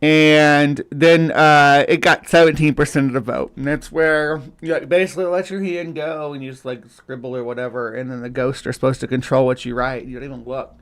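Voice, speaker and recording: A man's voice: mid-range voice, fairly even intonation, a little fast, hardly any pauses, smooth. A man hosting a casual livestream, rambling with lots of fillers and restarts. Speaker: host.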